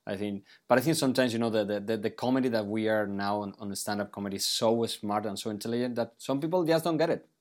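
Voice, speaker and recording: A man whose first language is Spanish, interviewing a guest in English in a casual chat, often repeating words as he goes. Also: on the low side. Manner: repeats words, quick to laugh.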